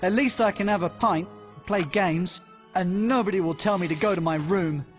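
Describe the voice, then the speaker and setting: A man's voice: sits high, moderate pace, music in the background, lightly acted. An actor playing a lonely, self-pitying middle-class robot man with a British accent, in an ad for a game. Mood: mopey. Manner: mopey, sarcastic, anxious.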